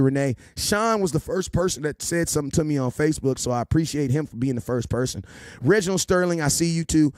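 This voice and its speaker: A man hosting a casual sports livestream, shouting out viewers by name and teasing them like a preacher. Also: on the high side, no room sound, clean studio sound. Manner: rapid shout-outs to viewers, playful preacher-style teasing. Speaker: livestream host.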